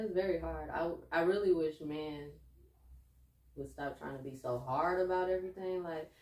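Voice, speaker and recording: A young woman with a lowish voice talks candidly as a podcast co-host, earnest and then lively and laughing as the stories build. She sits a little back from the mic in an echoey room. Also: recorded from a distance. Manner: earnest, turns animated and laughing when telling stories. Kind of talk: candid casual chat.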